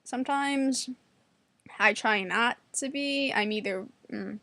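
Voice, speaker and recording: A woman in her twenties from New York, talking fast and bluntly to camera in a casual, sarcastic monologue. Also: a bit bright, dry recording. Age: 20s. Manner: acts out quotes in a higher voice. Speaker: vlogger.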